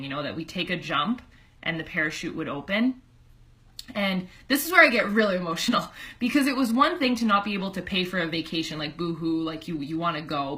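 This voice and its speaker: A woman's voice: low voice, bright, forceful tone. A young woman telling a personal story to her computer webcam at home, chatty and heartfelt, with lots of "like" fillers. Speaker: online fitness coach. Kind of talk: casual personal storytelling to camera.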